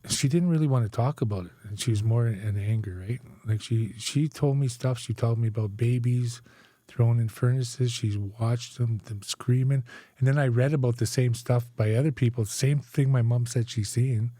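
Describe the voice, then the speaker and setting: A man's voice: medium pitch, moderate pace, dark tone, no room sound. A man in his forties from Canada, a guest telling his life story in a candid interview, tagging his sentences with "right?" and "eh?". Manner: conversational, frequent "right?" and "eh?" tags.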